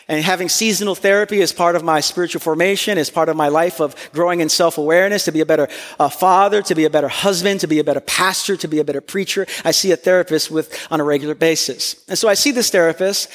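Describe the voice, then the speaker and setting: A middle-aged male pastor from New York preaches with animated, self-deprecating storytelling. His voice sits high for a man, and it rings with a long reverb through a large hall. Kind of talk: sermon.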